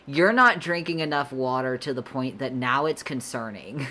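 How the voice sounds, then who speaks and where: A woman's voice: extremely low pitch, animated, normal speed, pushed and bright, slight background noise. A young woman casually chatting with her stream while drawing, rambling and laid-back, often breaking into giggles. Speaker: artist streamer answering chat.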